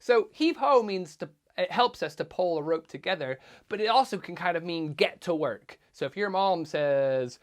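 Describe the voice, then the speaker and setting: A man's voice: on the high side, normal speed. A man teaching young children as a theatrical pirate showman, calling out exclamations and quizzing his audience. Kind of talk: interactive lesson for young children.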